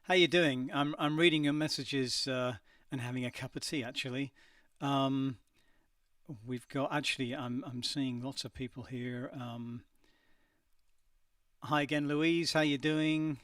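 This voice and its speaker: A man's voice: mid-range voice, steady tone, a little slow, fairly bright tone, no room sound, far from the mic. A middle-aged man from England hosting a casual livestream from his home studio, greeting viewers and reading their messages with lots of ums. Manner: chatty, hesitant, many ums. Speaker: singer hosting a live stream.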